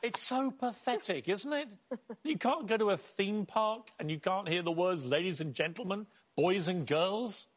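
A man with a British accent, an animated, indignant panelist on a TV debate. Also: high-pitched, normal speed, breathy edge.

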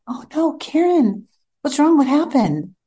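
A man's voice: sits high, very animated, moderate pace, gravelly, exaggerated voice. A woman quoting her husband as a wry, exasperated man who teases her. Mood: teasing. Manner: wry, eye-rolling teasing.

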